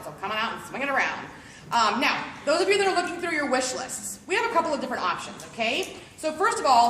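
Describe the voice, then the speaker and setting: A bubbly woman runs a live product demo for a group at a home party, chatty and playful. Her fairly high voice swings widely in pitch. The recording sounds roomy, with a faint murmur of guests behind her. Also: fairly bright tone, a little hiss or hum. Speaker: party sales consultant. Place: living room at a home party.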